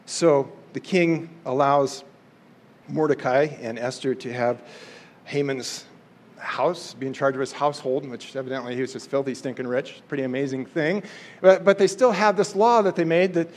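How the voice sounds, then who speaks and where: A man's voice: medium pitch, normal speed, slight background noise. A man casually retelling a Bible story in a playful, chatty way. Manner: playful, chatty, acts out quotes.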